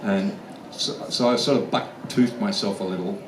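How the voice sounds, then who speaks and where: Brief: Australian man, blunt and sweary storyteller; low voice, distant mic, faint room noise. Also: steady tone, moderate pace. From Australian outback. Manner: blunt, swears freely, laughs often. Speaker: guest actor at fan convention Q&A. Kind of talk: casual storytelling Q&A answers. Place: large convention hall. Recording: echoey hall, from far off, faint room noise.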